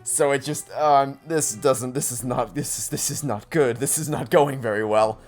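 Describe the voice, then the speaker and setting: A man's voice: mid-range voice, normal speed, soft background music. A man giving casual let's play commentary, rambling, stammering and self-deprecating.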